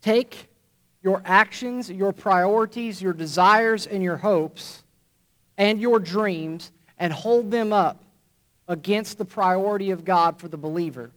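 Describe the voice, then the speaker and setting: A pastor speaks to his church congregation in a fairly high, slightly bright voice. His sermon is earnest and measured, leaning on repetition and deliberate emphasis as he builds each point phrase by phrase.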